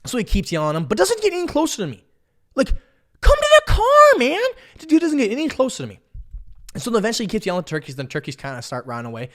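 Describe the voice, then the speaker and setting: A man hosting a podcast, telling a story in a comic monologue, animated, excitable and full of swearing. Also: high-pitched, rapid-fire. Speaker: podcast host.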